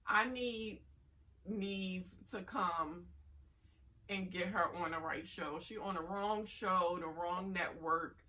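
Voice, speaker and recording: A woman's voice: lowish voice, slow, bright, forceful tone, far from the mic, poor audio. A woman giving a blunt, sassy casual review commentary on a reality show.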